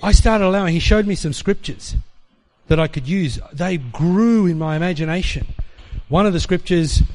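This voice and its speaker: A man preaching, telling a personal testimony as an animated storyteller who acts out the dialogue. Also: sits high, moderate pace.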